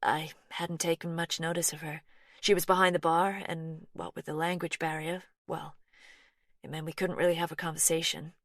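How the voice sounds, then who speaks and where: Woman voicing soft-spoken anxious American woman, firm twang, low voice, dry audiobook sound. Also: level tone, moderate pace, dry recording.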